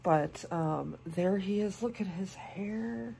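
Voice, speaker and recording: A woman in her forties, sick, gushing over a doll in a casual unboxing vlog, with soft hushed asides. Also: medium pitch, slow pace, creaky, a little hiss or hum. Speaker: doll collector and channel host.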